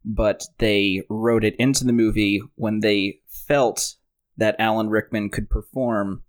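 A man hosting a casual movie podcast, sharing trivia in a relaxed, joking way. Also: on the low side, a little slow. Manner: relaxed, shares trivia, jokes around. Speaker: podcast host.

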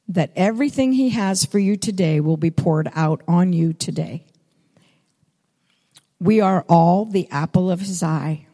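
A woman's voice: fairly low pitch, warm tone. An older woman preaching a sermon, telling stories with repeated, emphatic phrases. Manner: storytelling, repetitive emphatic phrasing. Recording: long reverb of a hall.

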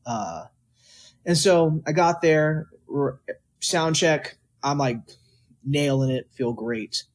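Young male guest, early twenties, from Texas. Animated storyteller, voice a touch high. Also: takes it slowly. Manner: animated, quotes people in lively voices. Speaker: guest musician. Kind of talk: casual storytelling interview.

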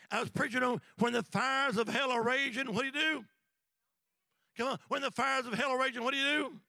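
A man preaching a sermon as an evangelist, with rhythmic call-and-response that swings from shouts to hushed whispers in a church. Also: sits high, gravelly, no echo. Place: church sanctuary.

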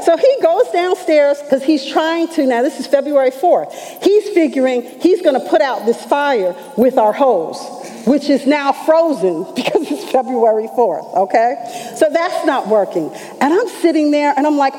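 A middle-aged woman church elder telling a testimony in an animated storytelling manner, acting out the voices she quotes. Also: high-pitched, moderate pace, in a large hall, rough recording. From New York. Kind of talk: testimony sermon.

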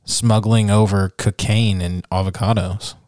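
A laid-back man co-hosting a podcast, agreeing easily and laughing along in casual chat. His voice sits low, and the recording is dry and close. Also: steady tone, unhurried, darkish tone, no echo. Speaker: podcast co-host.

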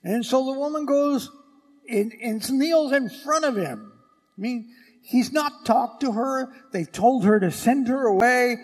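A priest giving a Sunday homily in a church, animated and dramatic, acting out the voices of the people in the story. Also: male voice, extremely high pitch, unhurried. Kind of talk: sermon. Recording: church with long reverb.

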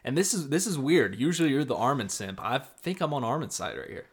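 A man's voice: medium pitch, expressive, fairly quick, slightly rough. A young man co-hosting a casual podcast, laid-back and teasing as he reasons through his point. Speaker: podcast co-host. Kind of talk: casual anime recap chat.

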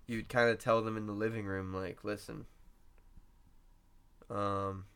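A man's voice: on the low side, little pitch movement, measured pace, fairly bright tone, clean tone. Young man rambling with "like" fillers. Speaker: podcast co-host. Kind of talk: casual chat.

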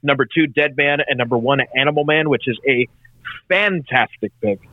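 A man's voice: medium pitch, moderate pace. A man co-hosting a casual podcast chat, reading out lists with many hesitations. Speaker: podcast co-host. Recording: tinny phone-like line.

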